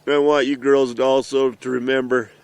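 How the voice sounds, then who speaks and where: A middle-aged father, emotional and earnest, speaking haltingly outdoors in the mountains in a heartfelt message to his children. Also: medium pitch, level tone, a little mellow, clear, resonant tone. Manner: earnest, halting, with pauses and restarts.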